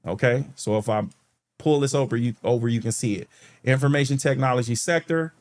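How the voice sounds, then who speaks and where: A man's voice: medium pitch, brisk, darkish tone. A man hosting a stock market channel, walking viewers through charts on a shared screen in a chatty way, often checking in with "okay" and calling them "guys". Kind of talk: screen-share tutorial walkthrough.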